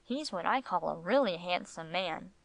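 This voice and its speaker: A woman's voice: on the low side, animated, normal speed, gravelly, no echo. A woman reading the lines of a playful, mock-serious middle-aged husband. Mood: teasing.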